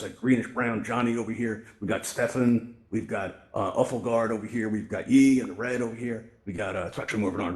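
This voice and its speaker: A man talks quickly and casually, walking listeners through practical tips as if chatting with friends. He is folksy and direct, tossing in "right?" and "you know" as he goes, and sounds like he is speaking into a headset microphone. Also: mid-range voice. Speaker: presenter in a VR tech event. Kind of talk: casual instructional talk to a live audience. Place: virtual reality social space.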